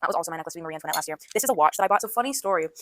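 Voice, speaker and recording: A woman's voice: on the low side, lively intonation, rapid-fire, a bit bright, slight background noise. A young adult woman co-hosting a podcast in casual chat, rambling and giggly, often saying "literally". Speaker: podcast co-host.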